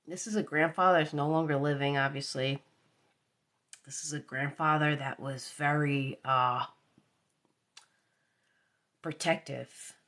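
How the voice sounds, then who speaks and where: A woman's voice: sits low, steady tone, unhurried, pauses often, fairly bright tone. A woman giving a live tarot reading, repeating her phrases and sometimes dropping into a whisper. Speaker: tarot reader.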